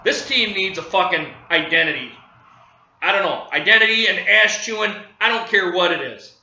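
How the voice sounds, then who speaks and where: A man's voice: high voice, lively intonation, normal speed, bright, forceful tone, reverberant, dull audio. A man ranting angrily about his football team, cursing and repeating himself, livid. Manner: profane, furious, repeating himself. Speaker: sports fan vlogger. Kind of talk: angry fan rant.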